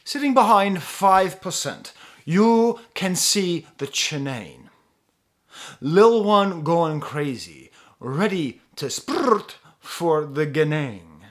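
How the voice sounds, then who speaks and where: A plummy, posh British reciter, as a man puts him on, booming and stretching every word for grand effect. The voice sits up high and loud, with a faintly distant ring. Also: exaggerated voice. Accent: put-on posh British. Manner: theatrical, exaggerated, loud and drawn out.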